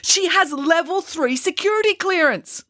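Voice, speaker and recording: A woman reading aloud, voicing an agitated uncle who protests in high, urgent outbursts. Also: animated, normal speed, fairly bright tone, dry recording, clean studio sound. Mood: indignant. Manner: shrill, pleading outbursts.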